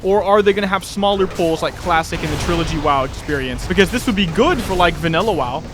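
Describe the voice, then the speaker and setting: A man giving casual, chatty commentary while he plays a game, thinking aloud and getting excited in big fights. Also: sits high, quick pace, over music. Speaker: gaming youtuber.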